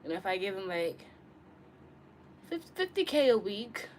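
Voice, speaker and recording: A woman's voice: big pitch swings, a little slow, slight background noise. Giggly young woman live-streaming from her bedroom. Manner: bubbly, giggly, swings between loud outbursts and low mumbles. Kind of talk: casual live-stream chat reading viewer comments.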